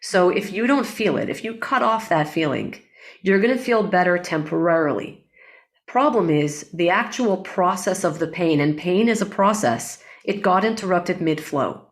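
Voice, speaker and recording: A woman guest in an interview, a breathwork facilitator explaining things in a calm, unhurried way. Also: fairly low pitch. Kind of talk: interview conversation.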